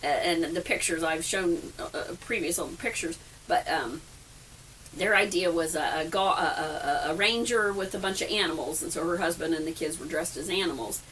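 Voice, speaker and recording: A woman's voice: lowish voice, moderate pace, fairly bright tone. A middle-aged woman telling rambling, self-deprecating camping stories in a casual vlog, laughing often, recorded inside a camper. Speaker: vlogger. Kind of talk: casual storytelling. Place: camper trailer. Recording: distant mic with faint background noise.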